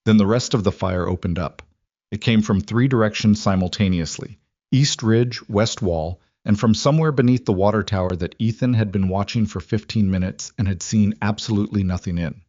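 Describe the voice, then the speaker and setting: Low-voiced male thriller narrator. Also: fairly quick, no echo, muffled recording. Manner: steady, dramatic storytelling. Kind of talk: scripted narration.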